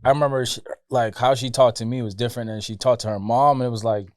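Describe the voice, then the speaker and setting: A young man of Jamaican background co-hosting a podcast, telling stories in casual banter and breaking into loud laughter. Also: medium pitch, fast talker, no room sound, studio quality. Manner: laughs loudly, excitable storytelling. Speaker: podcast co-host. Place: Toronto.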